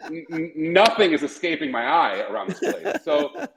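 A man's voice: high voice, sing-song, moderate pace, vocal fry, reverberant, a crowd in the background, low-quality recording. A man hosting a podcast in casual chat, profane and rambling, often breaking into laughter. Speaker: podcast host.

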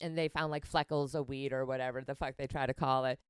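A woman's voice: extremely low pitch, steady tone, quick pace, smooth, dry recording. A woman in her late twenties casually telling a story on a podcast, swearing freely, laughing often and acting out the lines of the people in it. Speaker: comedian guest.

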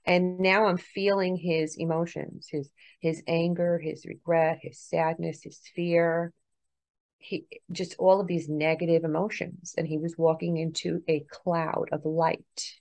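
Middle-aged woman, podcast guest, low gravelly voice, earnest storyteller, dry close sound. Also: measured pace, dry recording. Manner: earnest, swinging between hushed and excited. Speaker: guest, author and paranormal investigator. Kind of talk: emotional personal storytelling in a podcast interview.

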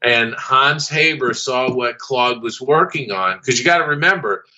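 A man with a bright, forceful voice tells a long story as a podcast guest. He often stops and restarts with plenty of fillers, and the recording sounds dull and lo-fi. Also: medium pitch. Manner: halting, with many fillers and restarts. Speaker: guest, former studio artist. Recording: dull lo-fi audio.

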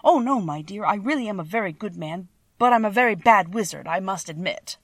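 A woman's voice: medium pitch, animated, fairly quick, no echo. An old, meek humbug wizard confesses mildly and kindly in a storybook reading, voiced by a woman in her own plain tone. The sound is dry and close. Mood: gentle. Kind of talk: audiobook reading.

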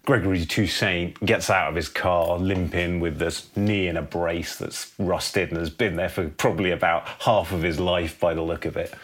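Male podcast host, very low husky gravelly voice, laid-back storyteller. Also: steady tone, moderate pace, few pauses, fairly bright tone. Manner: laid-back, peppers lines with "man". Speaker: podcast co-host pitching a film. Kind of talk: casual film pitch narration.

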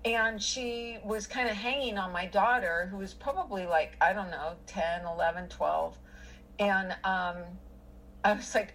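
A woman's voice: mid-range voice, measured pace, a bit bright, a little hiss or hum, poor audio. A middle-aged woman telling a personal story in casual conversation, rambling with many fillers and restarts.

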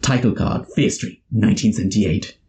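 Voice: sits low, normal speed, dark tone. A podcast host casually recapping a film scene by scene, swearing freely and acting out their own reactions.

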